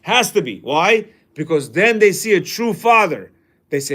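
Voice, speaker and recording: A man's voice: high voice, animated, fast. A man teaching a class in a casual way, reading a passage aloud and then commenting, often acting out quoted lines.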